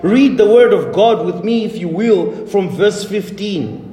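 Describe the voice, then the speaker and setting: Emphatic preacher in an echoey hall. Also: male voice, sits high, animated, unhurried, mellow. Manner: emphatic, repetitive preaching with rising declarations. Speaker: pastor. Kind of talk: sermon. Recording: echoey hall, faint ambience.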